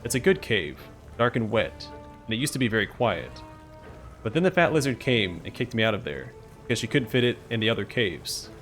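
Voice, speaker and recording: A man with a low-ish, very animated voice speaks a little fast in a fairly bright tone, with faint music behind him. He voices a female fecal demon queen who whines petulantly and boasts like a spoiled princess, smug and self-pitying.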